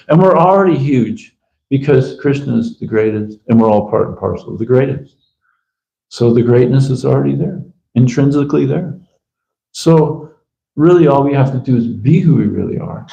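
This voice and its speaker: Male preacher, informal sermon style, acts out quick dialogue; gravelly, reverberant room sound. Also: mid-range voice, expressive, dark tone, lo-fi sound. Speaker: visiting preacher giving a scripture class. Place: temple room.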